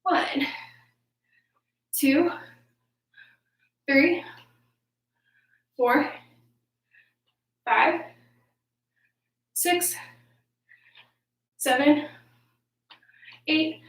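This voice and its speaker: Upbeat woman coach leading a home workout, winded, high-pitched, recorded off-mic in a roomy space. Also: drawn-out words, pauses often. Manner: upbeat, counting reps aloud, encouraging. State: out of breath. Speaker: youth sports coach. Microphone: camera mic at a distance. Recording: echoey room, voice from off-mic.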